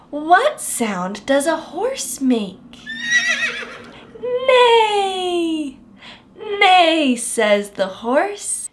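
A young adult woman teaching toddlers in an exaggerated sing-song way, with big gasps and drawn-out words. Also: high-pitched, fairly bright tone. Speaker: children's speech educator.

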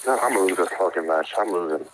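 A man's voice: low voice, expressive, quick pace, slight background noise, rough recording. A young man streaming a video game, swearing and ranting in frustration at his opponent. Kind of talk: live gameplay commentary.

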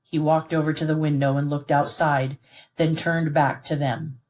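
A woman narrating a novel aloud in a steady, clear, unhurried reading voice. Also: low-pitched.

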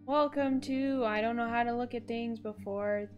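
A woman's voice: a little high, fairly even intonation, moderate pace, soft background music. A young woman streaming live, chatting casually as she struggles with settings and grows exasperated, breaking into laughter. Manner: flustered, exasperated, laughing outbursts.

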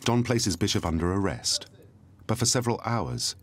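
A man narrating a documentary from a script in a measured, grave way. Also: on the low side, sing-song. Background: loud documentary score.

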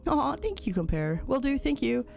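Creaky-voiced woman streaming a game. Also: sits high, big pitch swings, normal speed, darkish tone. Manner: chatty, reads on-screen tutorial text aloud and thanks viewers. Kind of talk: casual live-stream commentary.

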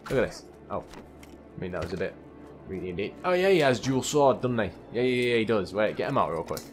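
A young man giving chatty, excitable commentary while playing a video game, often calling his viewers lads and mate. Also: lowish voice, fast talker, soft background music. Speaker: gaming channel host. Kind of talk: let's play gameplay commentary.

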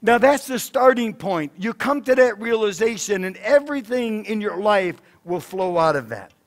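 Pastor, male, high-pitched tenor, emphatic preaching that swings loud to soft. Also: expressive, moderate pace. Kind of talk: sermon. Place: church sanctuary.

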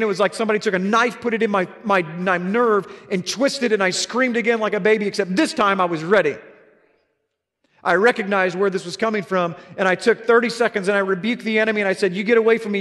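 A man's voice: high-pitched, fairly bright tone, big-room sound. A man preaching a sermon as pastor, telling an earnest story with emphatic repetitions.

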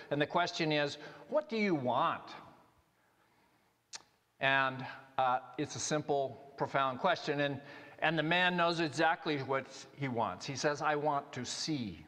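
A male pastor preaching a sermon in a conversational, halting way, with many restarts and fillers. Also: medium pitch, fairly bright tone. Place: church sanctuary. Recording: long reverb of a church hall.

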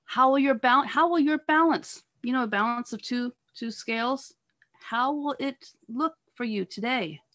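A woman giving an earnest sermon over a video call, pressing her listeners with repeated rhetorical questions and halting now and then on fillers and restarts. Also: high voice, a bit bright. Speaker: speaker at a church talk on marriage.

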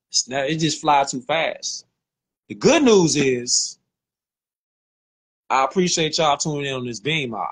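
A man hosting a livestream on his phone, talking in a slangy, animated way and repeating lines for emphasis. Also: medium pitch, husky. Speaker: livestream host. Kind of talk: casual livestream rant.

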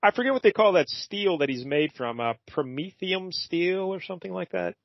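A man's voice: sits high, lively intonation, moderate pace, vocal fry, no echo, muffled recording. A man co-hosting a podcast, chatting casually and rambling with lots of fillers about a comic. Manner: laid-back, rambling with many fillers. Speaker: podcast co-host. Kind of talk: casual chat recapping a comic.

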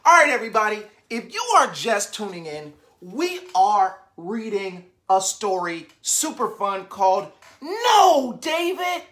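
A woman reading a picture book aloud to young children, animated and constantly asking the listeners questions. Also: medium pitch, a little slow, few pauses.

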